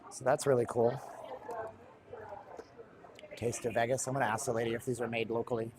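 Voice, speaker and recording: A man's voice: mid-range voice, flat delivery, brisk, a crowd in the background. A middle-aged man giving chatty, rambling live commentary while walking indoors, with jokey asides. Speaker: livestream host.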